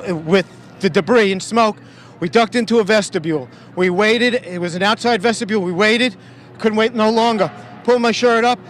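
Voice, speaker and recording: Male eyewitness, high pitch, terse clipped delivery, faint background noise. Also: a bit bright. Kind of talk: news interview.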